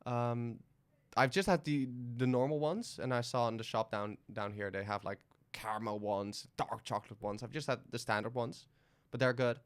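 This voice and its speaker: A man's voice: mid-range voice, normal speed, clear, resonant tone. Man hosting a casual chat. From Netherlands. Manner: curious, teasing questions. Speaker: podcast host.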